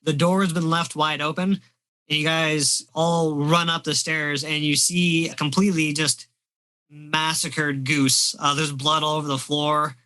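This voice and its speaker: A man with a bright, forceful voice sits in the game master's seat. He narrates the scene in a relaxed, descriptive way. His voice sits a touch high for a man. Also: unhurried, low-quality recording.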